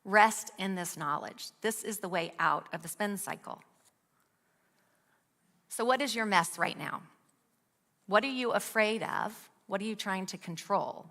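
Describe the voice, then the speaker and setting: Bright-voiced woman teaching in a hall. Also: mid-range voice, a little slow, long pauses. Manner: earnest, asks a string of rhetorical questions. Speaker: speaker at a women's ministry. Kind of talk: devotional teaching with scripture reading. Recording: long hall reverb.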